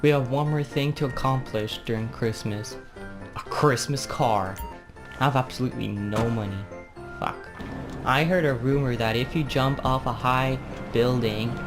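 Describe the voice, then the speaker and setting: A young man giving excitable let's-play commentary, swearing and laughing often. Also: medium pitch, moderate pace. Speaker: gaming YouTuber. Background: loud music and game audio.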